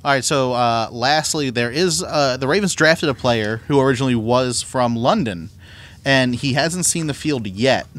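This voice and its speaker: Laid-back sports podcast host. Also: male voice, mid-range voice, moderate pace, fairly bright tone. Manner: laid-back, agreeable, with frequent short affirmations. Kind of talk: casual sports chat.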